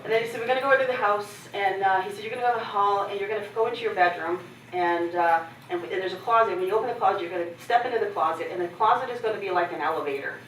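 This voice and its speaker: A woman's voice: mid-range voice, rapid-fire, few pauses, a bit bright, a little hiss or hum. Candid woman speaking in an echoey hall. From Canada. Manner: candid, humorous, acts out others' lines. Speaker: keynote speaker. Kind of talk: keynote address with personal storytelling. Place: conference hall. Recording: echoey hall, mic from a distance.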